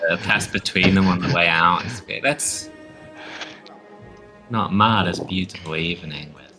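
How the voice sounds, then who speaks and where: A man's voice: low voice, a little slow, music in the background. A man chatting dryly as a player in a tabletop game.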